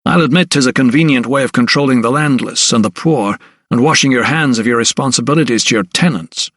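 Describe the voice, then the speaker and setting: A man's voice: mid-range voice, brisk, fairly bright tone, dry recording, studio quality, lightly acted. A man voicing a hot-tempered young doctor in an audiobook, speaking with heated indignation. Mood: indignant.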